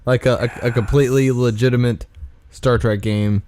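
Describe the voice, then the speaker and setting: A man's voice: mid-range voice, fairly even intonation, moderate pace, background noise. A young man from South Carolina co-hosting a podcast, rambling enthusiastically with many restarts. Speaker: podcast co-host. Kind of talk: casual chat.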